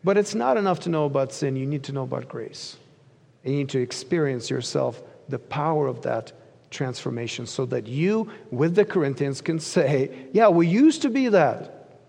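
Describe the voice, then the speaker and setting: A man preaching a sermon as pastor, earnest, rising for emphasis and sinking low at the ends of phrases. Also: normal speed, vocal fry, darkish tone. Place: church sanctuary. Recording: long reverb of a large church hall.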